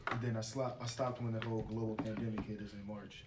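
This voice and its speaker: A young man in casual chat, telling a work story in a relaxed way with frequent "you know"s. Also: on the low side, quick pace, recorded from a distance. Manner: relaxed, easygoing, says "you know" often. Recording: echoey room, voice off-mic, noisy.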